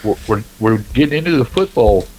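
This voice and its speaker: A man's voice: medium pitch, animated, a little fast, a little mellow, a little hiss or hum. A man co-hosting a podcast in casual chat, laid-back and agreeable, mostly giving short replies. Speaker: podcast co-host.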